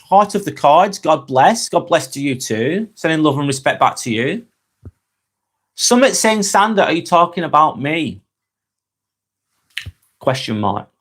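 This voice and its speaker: A man's voice: fairly high pitch, very animated, measured pace, pauses often, a bit bright. A young man hosting a casual live stream, reading viewers' comments aloud and answering them frankly and chattily.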